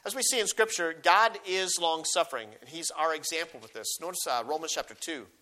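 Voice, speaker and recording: A man's voice: on the high side, a little fast, sharp tone. A man preaching a sermon, reading scripture aloud with rising emphasis and explaining it, often restarting and repeating words.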